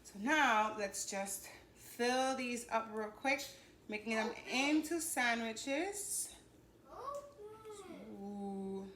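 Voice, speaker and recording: Bright-voiced woman hosting a kitchen baking vlog. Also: on the high side, drawn-out words, roomy sound, background noise. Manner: chatty and upbeat, walks viewers through steps. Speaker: baking show host. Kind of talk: casual home baking vlog. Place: home kitchen.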